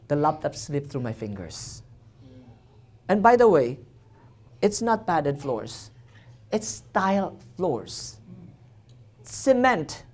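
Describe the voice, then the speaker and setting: A man, a traveling missionary, telling a personal testimony in a church sermon with self-deprecating jokes and acted-out reactions. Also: high-pitched. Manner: lively storyteller, self-deprecating jokes, acts out his own reactions.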